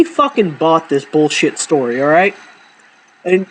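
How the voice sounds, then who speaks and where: High-voiced man telling cussing stories. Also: moderate pace, poor audio. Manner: profane, animated, acts out quoted people. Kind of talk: casual storytelling to camera.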